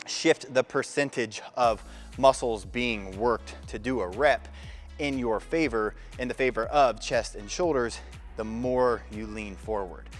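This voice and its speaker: Man coaching a gym workout. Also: mid-range voice. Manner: talks while demonstrating exercises, coaching cues. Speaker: fitness coach. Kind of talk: casual workout instruction.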